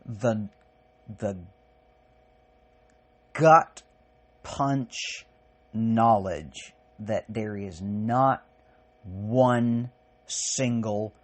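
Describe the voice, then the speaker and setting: Very slow, halting man. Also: lowish voice, darkish tone. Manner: slow, halting, with long pauses; raw and profane. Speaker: podcast host. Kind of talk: personal spoken essay.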